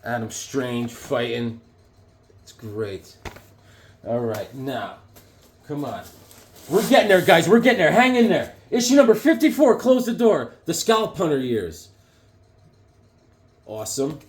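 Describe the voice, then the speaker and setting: Excited man showing off comics. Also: fairly high pitch, measured pace, pauses often, slight background noise. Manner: enthusiastic, rambling, chuckling. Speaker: comic book collector showing his collection. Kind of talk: casual show-and-tell chat.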